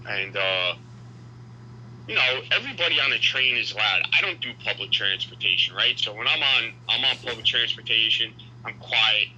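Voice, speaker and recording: A man telling a story in casual podcast chat, animated and profane. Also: mid-range voice, moderate pace, slightly rough, muffled recording. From New York.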